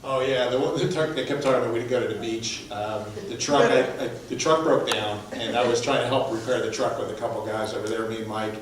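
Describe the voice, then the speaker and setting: A man shares stories of a mission trip with a lively, laughing delivery. He is recorded from far off in a big echoey church hall, with faint room noise behind him. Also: medium pitch, quick pace, hardly any pauses. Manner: animated anecdotes with laughter. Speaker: mission team member. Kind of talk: storytelling at a church presentation.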